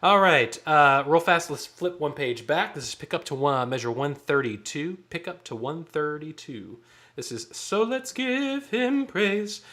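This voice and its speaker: A man with a fairly high, pushed, bright voice directs a choir rehearsal at normal speed. Counting beats aloud, he sings short phrases to model them for the singers.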